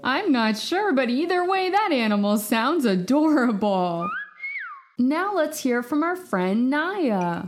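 A woman hosting a children's storytelling podcast, talking in a bright, enthusiastic, exclamatory way. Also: sits high, big pitch swings, slow pace. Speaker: host and children's book author. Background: background music.

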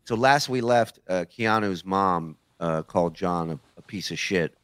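A man's voice: deep voice, a little slow, a bit bright, smooth, dry recording. A man hosting a podcast, joking crudely and laughing often with his co-hosts. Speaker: podcast host. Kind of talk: casual crude banter.

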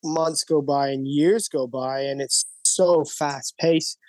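A man with a fairly high voice talks loosely as a podcast guest. His sentences ramble and fill up with "like" and "you know", recorded close and dry. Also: steady tone, slow pace, darkish tone, no room sound. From Canada. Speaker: guest musician. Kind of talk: casual podcast chat.

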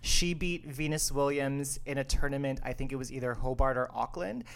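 A man in his late thirties from Canada, co-hosting a casual podcast chat, animated and quick to laugh. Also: medium pitch, gravelly. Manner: animated, laughs often, mimics others playfully. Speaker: podcast co-host.

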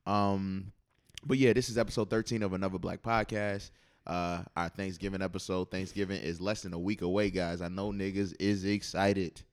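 A man's voice: sits low, flat delivery, moderate pace, smooth. A young man hosting a casual podcast, talking in a loose, slangy, profane way. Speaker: podcast host.

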